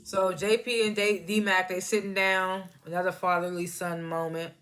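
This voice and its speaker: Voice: mid-range voice, little pitch movement, moderate pace, a bit bright. A TV reviewer casually recapping an episode in loose, slangy storytelling and chuckling at the scenes. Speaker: TV show reviewer.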